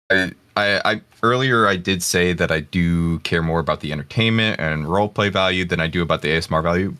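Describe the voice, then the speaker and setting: A man with a very deep voice and a bright, forceful edge answers questions on a podcast. He halts often and restarts his sentences mid-thought. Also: smooth. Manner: halting, stumbles and restarts. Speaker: ASMR voice actor. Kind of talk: casual podcast discussion.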